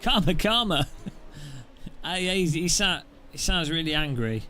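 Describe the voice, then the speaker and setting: A man's voice: fairly high pitch, lively intonation, unhurried, bright, forceful tone, a little hiss or hum. A man giving casual, jokey commentary over his sim racing gameplay and laughing often.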